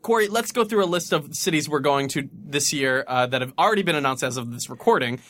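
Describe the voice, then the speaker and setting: A man's voice: fairly high pitch, lively intonation, fast talker, fairly bright tone, dry recording. A man co-hosting a podcast in playful, joking casual chat, with theatrical asides. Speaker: podcast co-host.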